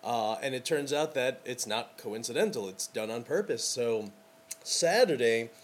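A man's voice: medium pitch, animated, measured pace. A man hosting a casual podcast as a wedding photographer, talking in an enthusiastic, rambling way with lots of fillers.

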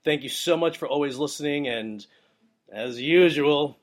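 A young adult man hosting a show, telling a rambling casual story and giving advice, with many fillers and excitable bursts. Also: fairly high pitch, a little slow. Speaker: wedding photographer, podcast host.

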